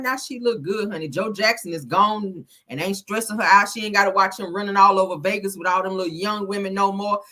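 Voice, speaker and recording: A woman hosts a gossip livestream, sassy and chatty, calling her viewers "honey" and "child" in casual gossip commentary. Her mid-range voice sounds pushed and bright.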